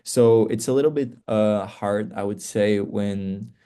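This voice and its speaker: A man's voice: fairly low pitch, unhurried, mellow, clean tone. A young Portuguese man with a Portuguese accent, a singer chatting earnestly in an interview, with lots of fillers and restarts. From Portugal (Faro). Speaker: singer, guest. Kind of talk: casual interview chat.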